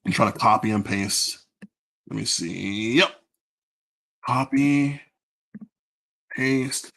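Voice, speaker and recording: A man co-hosting a casual music review chat, telling stories in an animated, profane way with frequent laughs. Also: on the low side, takes it slowly, vocal fry, dry recording, clean studio sound. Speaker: podcast co-host.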